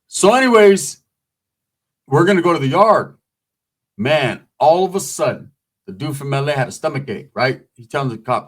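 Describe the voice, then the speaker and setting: A man's voice: mid-range voice, brisk. A man casually telling a long story in streetwise, profane talk, acting out the quotes as he goes. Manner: streetwise, profane, animated retelling with acted quotes. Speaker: storyteller recounting prison life.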